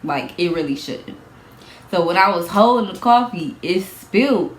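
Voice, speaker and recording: A young woman telling a storytime vlog in a casual, animated way, repeating herself, swearing and laughing as she goes. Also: fairly low pitch, unhurried, echoey room, slight background noise. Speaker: vlogger.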